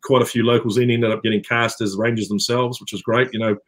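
A man's voice: mid-range voice, level tone, fast talker, a bit bright. A middle-aged man with a New Zealand accent, talking casually on a video call with many fillers and restarts. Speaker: actor guest. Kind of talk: casual interview chat.

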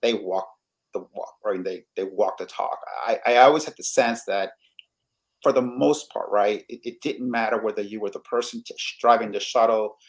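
A man's voice: on the low side, normal speed. A man hosting an interview show, sharing his own experience with enthusiasm and tagging his points with "right?". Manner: enthusiastic, frequent "right?" tags. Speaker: host. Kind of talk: conversational interview.

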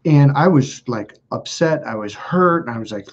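A man's voice: medium pitch, sing-song, moderate pace, darkish tone, slightly rough. A man hosting a casual livestream, telling rambling stories bluntly and with lots of swearing while reading viewer comments. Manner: blunt, profane, rambling storyteller. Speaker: host. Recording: dull lo-fi recording.

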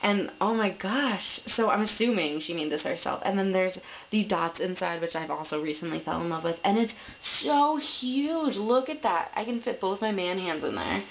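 A woman's voice: medium pitch, moderate pace, creaky, lo-fi sound, slight background noise. Gushing young woman vlogging a package. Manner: gushing, excitable, many fillers and laughs. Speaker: pet vlogger. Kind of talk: casual unboxing vlog.

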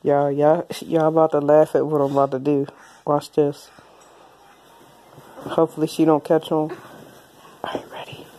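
A woman's voice: low voice, flat delivery, moderate pace, long pauses, dark tone. A pregnant young woman vlogging at home in her bedroom, playfully teasing her toddler and slipping into sing-song baby talk. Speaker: vlogger and mother. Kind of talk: casual home vlog. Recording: noisy home recording.

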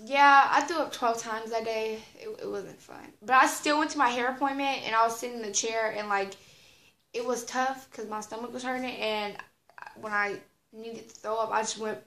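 A teenage girl with a slightly high voice tells a loose, rambling story full of fillers, slang and the odd curse word. Her voice bounces off a roomy, echoey space. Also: fairly even intonation, normal speed, fairly bright tone, slight background noise. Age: teens. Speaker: vlogger. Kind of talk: casual storytime monologue. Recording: roomy echo.

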